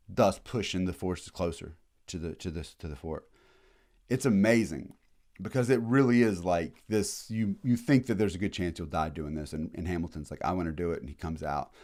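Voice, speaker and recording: A man giving a casual, animated history lecture, full of slang and quick acted-out asides. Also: low-pitched.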